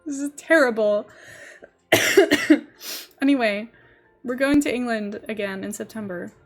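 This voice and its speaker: A young woman rambles through a casual livestream, thinking aloud as she goes. Her voice sits a touch high, with soft music playing faintly underneath. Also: expressive, takes it slowly, pauses often. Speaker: streamer. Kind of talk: casual livestream chat while building in a game.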